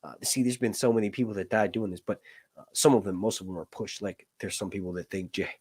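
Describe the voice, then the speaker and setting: A man's voice: lowish voice, fairly even intonation, fast, a little mellow, husky, dry recording, studio quality. A man hosting a casual livestream chat, rambling with lots of fillers and jokes. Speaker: host.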